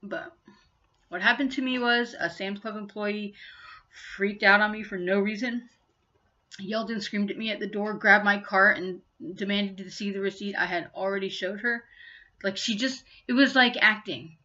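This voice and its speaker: Brief: woman, 50s, bright and forceful tone, earnest, indignant vlog storytelling, dull lo-fi recording. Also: medium pitch, steady tone, moderate pace. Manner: earnest, indignant retelling of an incident. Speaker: vlogger.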